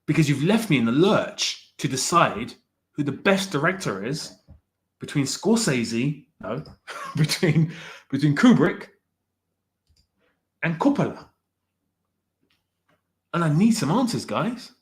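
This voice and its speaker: A man chats casually on a livestream, ranking directors while reading the live chat aloud, rambling, and correcting himself. His voice is a little high and sing-song, with a slow pace and long pauses.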